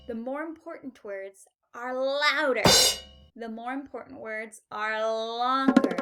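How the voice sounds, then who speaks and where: Slow, patient woman teaching English. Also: a little high. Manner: patient, emphatic modelling of sentences. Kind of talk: slow, clear language lesson.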